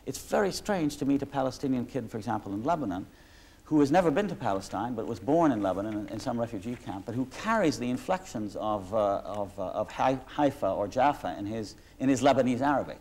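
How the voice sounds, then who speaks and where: This man has a mid-range, darkish voice with lively intonation, and he talks fast. As the interviewee in a reflective conversation, captured in a 1986 archival talk recording, he rambles through long sentences, often restarting and wandering into asides.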